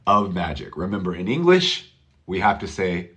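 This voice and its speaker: A man teaching English pronunciation in a live online class, who repeats words slowly for Spanish-speaking learners. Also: deep voice, sing-song, a bit bright.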